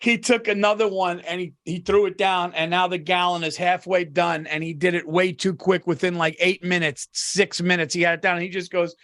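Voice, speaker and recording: A man's voice: high-pitched, level tone, fairly quick, few pauses, a bit bright. A man co-hosting a podcast, telling rambling stories in casual chat, laughing and swearing as he goes. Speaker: podcast co-host.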